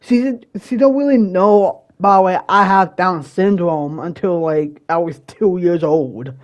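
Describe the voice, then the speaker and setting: Slow, rambling young man telling a story. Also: high voice, muffled recording. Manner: rambling, full of fillers and restarts, rises to loud exasperation at times. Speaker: channel host. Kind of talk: casual storytelling commentary.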